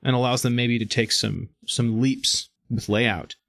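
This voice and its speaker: A man's voice: mid-range voice, steady tone, a little slow, vocal fry, a bit bright, dry recording. A man co-hosting a comic book podcast in casual chat, enthusiastic and rambling, often restarting his sentences. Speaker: podcast co-host.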